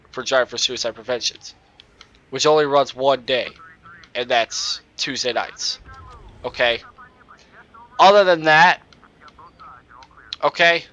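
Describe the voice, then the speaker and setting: A young man with a nasal voice and a bright edge to it talks through a racing game on a cheap microphone. He rambles in loose, excitable bursts and breaks off to curse at what happens on track. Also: medium pitch, highs cut off. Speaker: gaming YouTuber. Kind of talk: casual gameplay commentary.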